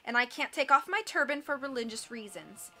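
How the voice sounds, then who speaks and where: A woman's voice: high voice, lively intonation, a little fast, bright, forceful tone, heavily acted. A woman reading aloud, voicing a scheming male villain disguised as a gym coach, with an oily, falsely polite manner. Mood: sly.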